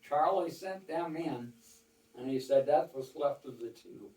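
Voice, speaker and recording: A man's voice: fairly high pitch, lively intonation, measured pace, warm tone. An older man telling rambling, folksy war stories to a small audience, quoting others at length. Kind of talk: casual storytelling to a small audience. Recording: roomy, from far off the mic.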